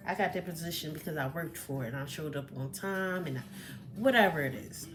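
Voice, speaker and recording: A woman talking casually to camera as a personal development coach, chatty and expressive, with many fillers. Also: low-pitched, brisk. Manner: chatty and expressive, with fillers, acts out quoted remarks.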